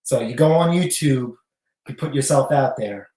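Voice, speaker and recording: A man co-hosting a casual live stream with his wife, easygoing and quick to laugh. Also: medium pitch, mellow. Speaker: co-host, husband. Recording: echoey room.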